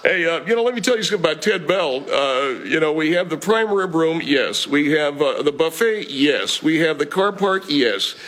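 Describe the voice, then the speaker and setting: A man voicing a brash, fast-talking male restaurant owner who blusters and complains. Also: a little high, animated, fairly bright tone, pitched above the performer's own voice. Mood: boastful. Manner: blustery, rapid, exasperated.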